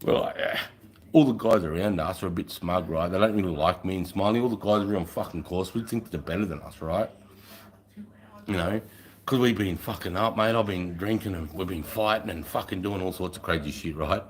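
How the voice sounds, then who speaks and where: Deep-voiced man telling a crude army story. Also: fairly quick. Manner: profane, boastful, swaggering.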